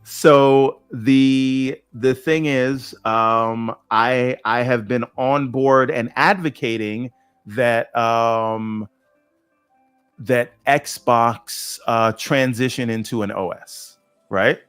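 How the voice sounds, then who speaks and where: A man's voice: mid-range voice, very slow, smooth, soft background music. A man co-hosting a gaming podcast, talking animatedly, tagging "right?" onto his points. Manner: animated, says "right?" often, acts out quoted voices. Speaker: podcast co-host. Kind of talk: casual podcast debate.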